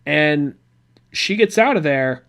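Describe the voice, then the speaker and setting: A man's voice: a little high, expressive, slow, vocal fry, a bit bright. Chatty man hosting a comics podcast. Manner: rambling, chatty retelling with asides. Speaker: podcast host. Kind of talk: casual comic book recap.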